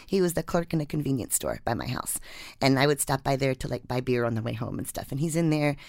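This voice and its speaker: Woman writer, low with a creaky edge, animated storytelling and reading. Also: fast, no echo, clean studio sound. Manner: animated storyteller, acts out quotes. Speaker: writer and guest. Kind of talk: casual chat and reading her story aloud.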